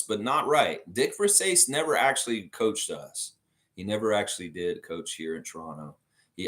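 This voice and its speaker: A man's voice: fairly low pitch, a bit bright. A middle-aged American man hosting a casual trivia livestream, reading chat comments aloud and laughing often. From United States.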